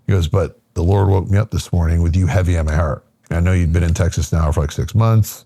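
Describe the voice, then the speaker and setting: A man's voice: low voice, steady tone, brisk, creaky, warm tone, dry recording, studio quality. A middle-aged man from Michigan, a podcast guest, telling a personal story casually with lots of fillers and acted-out quotes. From Michigan, USA.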